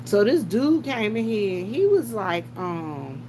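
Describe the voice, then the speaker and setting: A woman's voice: mid-range voice, sing-song, unhurried, background noise. A woman, chatting casually to viewers as she tells stories and greets commenters during her gas station shift. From South Carolina.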